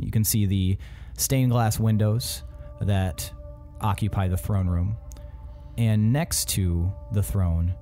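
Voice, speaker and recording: A man narrating as dungeon master of a tabletop game, describing scenes slowly, with filler words. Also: fairly low pitch, warm tone.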